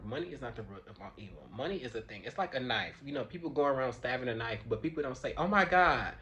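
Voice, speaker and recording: A man's voice: medium pitch, a bit bright, a little hiss or hum. A man, ranting casually to camera, irritated and profane, rambling with restarts. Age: 20s. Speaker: vlogger.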